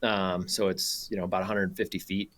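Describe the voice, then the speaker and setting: Low-voiced man telling a laughing story. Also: fairly quick. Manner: laughs often, animated storyteller with many fillers. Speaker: guest. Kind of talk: casual storytelling. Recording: radio show interview.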